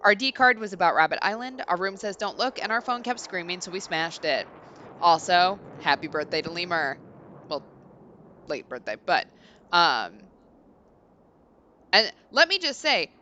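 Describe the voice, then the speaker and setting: A woman's voice: on the low side, lo-fi sound, a little hiss or hum. A woman hosting a let's play, chatting casually and bluntly and reading game story text aloud. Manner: casual, blunt, reads story lines in an even narrating tone.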